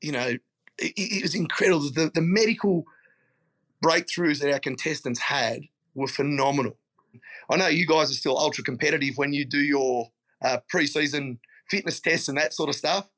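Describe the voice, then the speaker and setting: A man's voice: fairly high pitch, normal speed, fairly bright tone. A middle-aged Australian man chatting casually as a guest, telling blokey stories and calling people mate. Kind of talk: casual chat.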